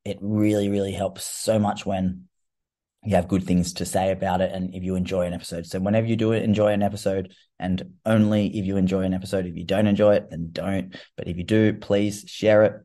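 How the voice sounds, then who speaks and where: An Australian man with a low voice hosts a solo fitness podcast. He talks in a loose, chatty way, rambling a little with casual fillers. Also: flat delivery, fairly quick, warm tone. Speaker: fitness coach podcast host.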